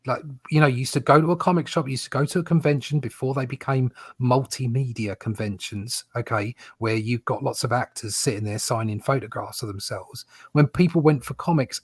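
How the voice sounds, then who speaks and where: A man's voice: medium pitch, no room sound, clean studio sound. A man co-hosting a casual comics podcast, rambling and repeating words as he makes his points. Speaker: co-host.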